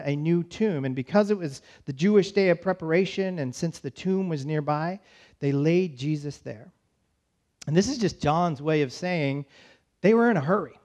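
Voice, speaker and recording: High-voiced pastor telling a story. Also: male voice, darkish tone. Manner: storytelling, voices the disciples' panic in quick asides. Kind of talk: sermon. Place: church.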